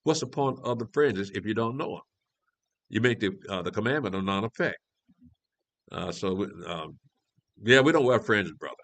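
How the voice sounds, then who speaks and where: A man's voice: fairly low pitch, lively intonation, normal speed, long pauses, fairly bright tone, no echo. A man teaching a scripture class in a conversational way, reading verses and asking rhetorical questions. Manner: conversational, restarts often, asks rhetorical questions. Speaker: elder teaching a prophecy class.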